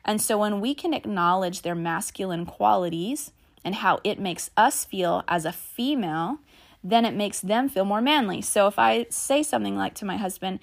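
A woman's voice: mid-range voice, moderate pace, creaky. A middle-aged woman hosting a solo podcast, talking in a chatty, earnest way and sharing stories about her family. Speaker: podcast host. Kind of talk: casual solo podcast talk.

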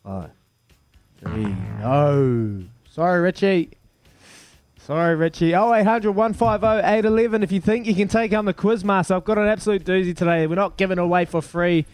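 A man's voice: high voice, normal speed, a little mellow, dry recording, soft background music. A man with a New Zealand accent hosting a radio call-in quiz, upbeat and bantering as he counts down the answers. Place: radio studio.

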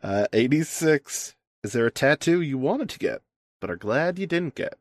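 Lively, playful male host. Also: on the high side, moderate pace, no room sound. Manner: playful, encouraging. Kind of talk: casual interview questions.

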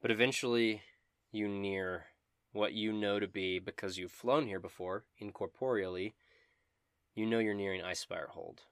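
A man runs a tabletop game, reading out scenes slowly and descriptively. His voice sits fairly low and sounds dry and close, with no room around it. He drops playful asides between the descriptions. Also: steady tone, clear, resonant tone, no room sound. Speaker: game master.

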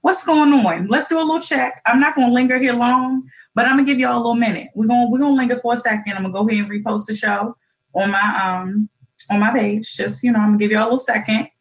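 A woman with a voice on the high side hosts an online radio show, talking fast and casually to her listeners. She throws in corny jokes and plenty of "y'all" during the livestream talk show, and the audio quality is poor.

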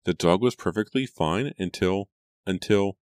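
A man's voice: measured pace, no room sound, clean studio sound. A man reading an audiobook, voicing an anxious young woman, the older sister, in a raised and emphatic voice. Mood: horrified. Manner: raised pitch, fretful and emphatic.

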